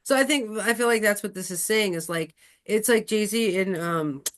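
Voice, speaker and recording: This is a woman astrologer hosting a relaxed podcast conversation. She talks in an animated, chatty way, piling up fillers as she goes, with a voice in the middle of the usual range. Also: medium pitch, normal speed. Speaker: astrologer and host. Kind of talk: casual podcast chat.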